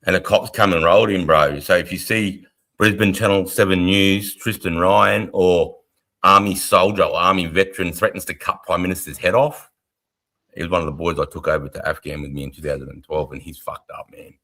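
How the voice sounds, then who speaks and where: A middle-aged Australian army veteran co-hosting a casual live stream, blunt, rambling and heavily profane. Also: male voice, sits low, steady tone, brisk, pushed and bright. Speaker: livestream co-host, army veteran.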